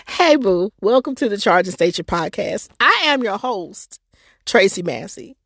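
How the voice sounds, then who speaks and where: A woman hosting her own podcast, chatting warmly and effusively straight to her listeners with folksy endearments. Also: medium pitch, very animated, a little slow, no room sound, clean studio sound. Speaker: podcast host and life coach. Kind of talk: casual chat to listeners.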